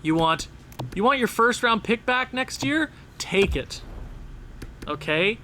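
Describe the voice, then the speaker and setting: A man giving casual, excitable gameplay commentary, talking straight to the game as he plays. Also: high-pitched, a little slow, slight background noise. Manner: excitable, talks to the game and players. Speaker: gaming channel host.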